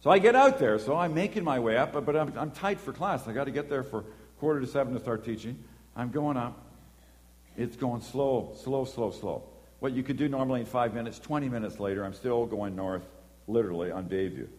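A man giving a sermon, telling a personal story in an animated way and acting out the voices. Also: mid-range voice, a little fast. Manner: animated storytelling, acts out voices and horn beeps. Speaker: preacher. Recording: long hall reverb.

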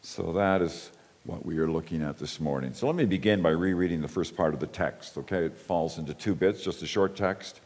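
A man preaching a sermon in a thoughtful, halting way, often pausing to reread a passage aloud. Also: sits low, darkish tone, big-room sound. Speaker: pastor.

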